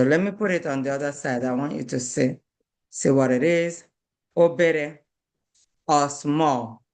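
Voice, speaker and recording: A woman teaching an online beginner language class, repeating each word slowly and spelling out syllables for learners, firm when children stop paying attention. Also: on the low side. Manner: slow, repeats words and stresses syllables for learners; firm with children who do not pay attention.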